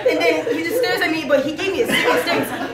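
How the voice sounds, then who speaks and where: A woman giving a candid, laughing, profane spoken tribute at a memorial gathering. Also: very high-pitched. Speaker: eulogy speaker. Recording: roomy hall from far off, noisy.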